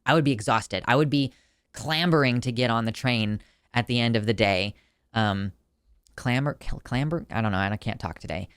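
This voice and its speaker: A man's voice: mid-range voice, steady tone, a little fast, a bit bright, clean tone, dry recording, clean studio sound. A man reviewing a film in a casual video, talking in a chatty, emotional way with lots of fillers and restarts.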